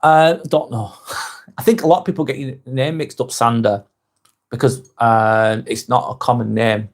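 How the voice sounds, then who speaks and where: A man hosting a live vlog, chatting casually and reading viewers' comments aloud, with frequent "um"s and quick apologies. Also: medium pitch, steady tone. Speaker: live-stream host.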